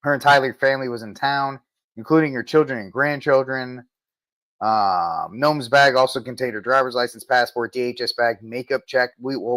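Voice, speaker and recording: A man's voice: medium pitch, fairly bright tone, dry recording. A man hosting a podcast, reading news items aloud and cutting in with sarcastic asides, streaming from the road. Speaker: podcast host. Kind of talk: casual news commentary, reading headlines. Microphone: mobile setup with spotty reception.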